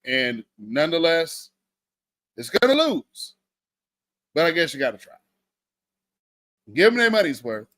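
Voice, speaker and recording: A man's voice: fairly high pitch, very animated, measured pace, pauses often, a bit bright, no echo. A man hosting a livestream, talking to his viewers with an emphatic, preacherly cadence. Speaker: livestream host. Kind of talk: livestream commentary.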